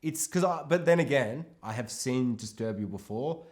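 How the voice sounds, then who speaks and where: A man's voice: mid-range voice, animated, normal speed, a little mellow. A man co-hosting a film podcast, talking casually and animatedly, swearing and acting out characters. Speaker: podcast co-host.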